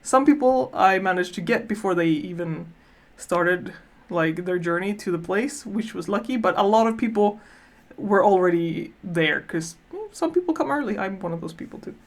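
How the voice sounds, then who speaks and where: Woman vlogger, mid-range voice, casual animated storyteller who laughs often, recorded in a studio. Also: mid-range voice, normal speed.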